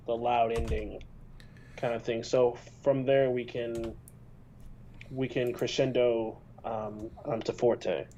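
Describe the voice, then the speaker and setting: Slow easygoing man on a dull line. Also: mid-range voice, mellow, a little hiss or hum. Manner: slow, easygoing, laughs often. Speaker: co-composer guest. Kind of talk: casual chat on a remote call.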